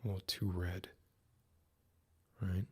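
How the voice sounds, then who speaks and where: Reading a classic story on his live stream, a male host adopts a formal, put-on Mid-Atlantic voice, then stops to chat casually. His voice sits low and slow with a flat delivery and a warm, slightly rough tone.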